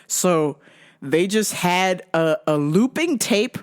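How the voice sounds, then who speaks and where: A woman host telling a comic story in a crude, laughing style. Her voice swings widely in pitch as she tells it. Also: animated, a little slow. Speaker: podcast host. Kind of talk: comedic storytelling.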